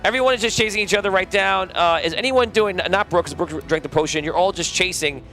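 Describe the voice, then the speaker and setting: A man runs a tabletop game as game master, describing scenes and calling for rolls. His voice sits a bit high for a man, and his telling is loose and amused. He laughs often as he narrates. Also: fast talker, sharp tone, soft background music.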